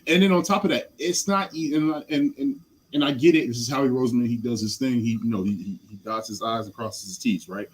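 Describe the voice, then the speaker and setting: A man's voice: mid-range voice, a little fast, husky, rough recording. A man talking as a podcast guest in casual sports chat, passionate, blunt and rambling.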